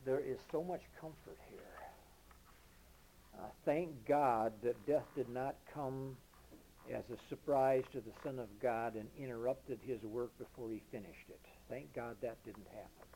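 Slow, emphatic male preacher with a mellow voice. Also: slight background noise, poor audio. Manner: emphatic, swinging from loud declarations to low murmurs; reads King James scripture slowly and deliberately. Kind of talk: sermon.

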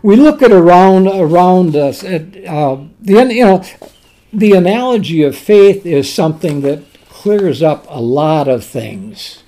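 Slow, lively-pitched male preacher. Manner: emphatic, repeats words, reads scripture aloud. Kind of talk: sermon.

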